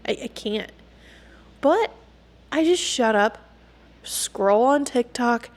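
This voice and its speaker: Chatty young woman podcast host, fairly high voice. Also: darkish tone. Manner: chatty and candid, lots of "like" and laughs. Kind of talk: casual solo podcast rant.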